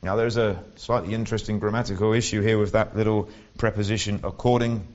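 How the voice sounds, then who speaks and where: A man's voice: lowish voice, fairly even intonation, fast talker, darkish tone. Guy giving a sermon, chatty and wry, kinda muffled lo-fi sound. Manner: conversational, wry asides, frequent restarts. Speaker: lay preacher. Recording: dull lo-fi recording.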